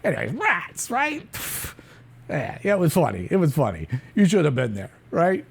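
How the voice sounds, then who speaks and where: Brief: gravelly, lively-pitched hitman rambling through a comic improv monologue, put on by a woman. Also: normal speed, slight background noise, exaggerated voice. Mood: gleeful. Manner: rambling, chatty, full of fillers and asides. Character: callous boastful street hitman, gleeful about killing.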